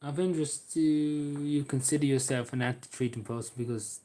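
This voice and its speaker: A young Irish man talking casually as he answers viewer questions, halting often with ums and repeating his phrases. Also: mid-range voice, fairly even intonation, mellow. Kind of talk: casual Q&A monologue.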